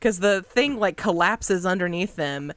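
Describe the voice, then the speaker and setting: A woman's voice: lowish voice, expressive, measured pace, no room sound. A young woman co-hosting a casual podcast, giving dry, wry commentary on a movie. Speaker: podcast co-host. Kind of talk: casual chat reviewing a movie.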